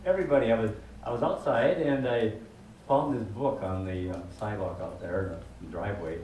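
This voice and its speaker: A man performing in a live stage comedy sketch, talking excitedly and playfully. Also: fairly low pitch, fairly quick. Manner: excited, playful, laughs easily. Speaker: comic performer. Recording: echoey room from far off, background noise.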